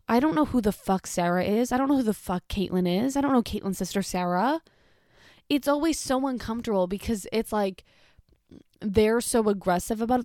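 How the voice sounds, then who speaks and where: A woman's voice: on the high side, brisk, darkish tone, dry recording, studio quality. A young woman chatting casually as she reads out embarrassing stories, blunt and incredulous, swearing freely. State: pregnant. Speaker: storytime creator. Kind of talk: casual chat reading stories aloud.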